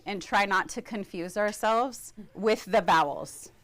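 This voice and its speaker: A woman teaching a language class, slowly modeling vowel sounds and asking students questions. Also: medium pitch, a bit bright.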